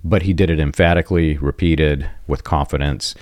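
A man's voice: extremely low pitch, steady tone, moderate pace, darkish tone, no echo, studio quality. A man talking earnestly about religious teaching, emphatic and given to repeating his main points. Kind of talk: conversational commentary on religion.

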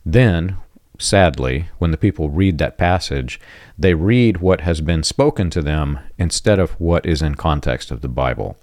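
A man's voice: a bass voice, animated, unhurried, a little mellow, no echo, clean studio sound. A man talking earnestly about religious teaching, emphatic and given to repeating his main points. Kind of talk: conversational commentary on religion.

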